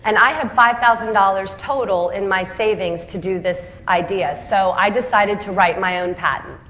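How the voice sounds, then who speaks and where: A woman founder telling her story in a speech, lively and self-deprecating, acting out the voices of the people she quotes and laughing at her own punchlines. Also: medium pitch, moderate pace, slight background noise.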